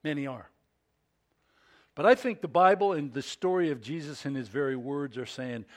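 A male pastor preaching a sermon in an expressive way, acting out scripture scenes. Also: on the high side, moderate pace.

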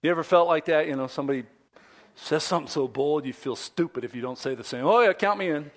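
A man pastor preaching a sermon, dramatic, dropping to whispers and rising to loud emphasis. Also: mid-range voice, quick pace.

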